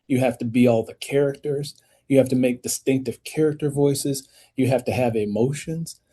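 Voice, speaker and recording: This is a man guesting on a podcast, an author and audiobook narrator telling his story. His voice is dark and mellow. He speaks in an animated way and pushes his pitch up to stress a point. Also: normal speed, a little hiss or hum. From United States. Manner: animated storyteller, rising emphatic pitch when making points.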